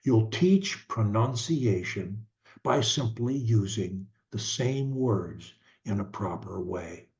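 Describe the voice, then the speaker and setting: An older man coaching parents on speech, talking in a slow, deliberate way with halting restarts. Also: fairly low pitch, animated, darkish tone. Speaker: stuttering coach. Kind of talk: advice talk to parents. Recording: dull lo-fi sound.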